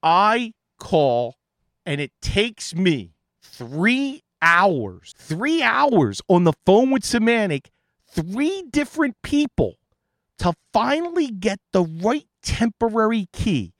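A man's voice: high voice, big pitch swings, slow, no echo, clean studio sound. A man, an IT consultant, telling an exasperated story in a casual monologue.

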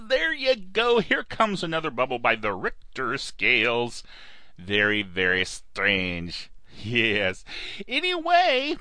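Lively, bright-voiced male podcast host. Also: on the high side, dry recording. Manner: jokey, wanders off track and back. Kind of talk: casual rambling podcast chat.

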